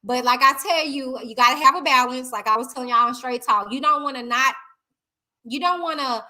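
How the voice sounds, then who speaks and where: A woman's voice: sits high, brisk. A woman hosting a casual live stream, chatting and reading out viewer comments, talking straight to her viewers. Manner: chatty, animated, addresses viewers directly as y'all.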